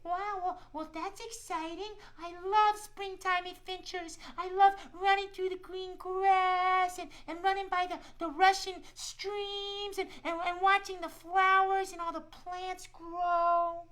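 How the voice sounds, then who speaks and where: A man doing Shiloh, a high, shy little squirrel. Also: little pitch movement, measured pace, few pauses, bright, forceful tone, exaggerated voice. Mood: eager. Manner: eager and chatty, stumbles over repeated words. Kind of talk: children's puppet show.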